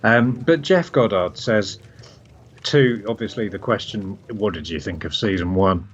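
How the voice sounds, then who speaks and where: A man's voice: lowish voice, unhurried. A man co-hosting a podcast, chatting casually and reading out listener messages with frequent hesitant restarts. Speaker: podcast co-host. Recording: slightly dull sound with faint noise.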